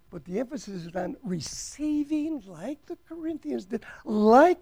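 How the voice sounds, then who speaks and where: A man preaching in a high, gravelly voice, stretching his words out slowly. He swings from hushed asides to ringing declarations and argues back at an imagined doubter. The sound is close and dry. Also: big pitch swings, dry recording. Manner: emphatic, swings from soft to loud, drawn-out words. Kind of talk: sermon.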